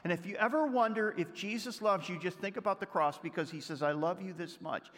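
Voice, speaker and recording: A man preaching a sermon, telling a story and reading scripture aloud, swinging between loud lines and hushed ones. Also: high-pitched, fairly quick, long reverb tail. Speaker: pastor.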